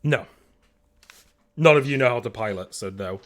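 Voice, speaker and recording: Halting man running a tabletop game. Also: mid-range voice, fairly bright tone. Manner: halting, full of fillers and restarts. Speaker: game master.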